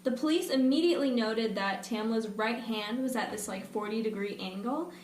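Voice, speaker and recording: A woman's voice: a little high, moderate pace, slight background noise. A young woman co-hosting a podcast, walking through a true-crime case with wry, skeptical asides. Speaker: podcast co-host. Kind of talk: casual true-crime chat. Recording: echoey room.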